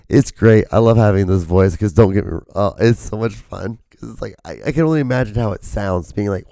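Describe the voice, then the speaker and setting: A man's voice: lowish voice, fairly quick, hardly any pauses, mellow, dry recording. A man hosting a podcast who has lost his voice. He rambles casually in a strained, cracking voice, filling his speech with "like" and swearing. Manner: profane, rambling, full of fillers. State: hoarse, losing his voice. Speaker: podcast host.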